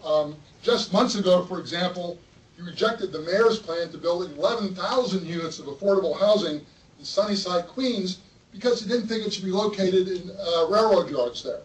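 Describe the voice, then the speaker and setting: High-voiced man testifying in echoey hall. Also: moderate pace. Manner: earnest, pointed, read-out statement. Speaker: public commenter. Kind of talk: public testimony at a board meeting. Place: public meeting room. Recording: roomy hall, mic far off.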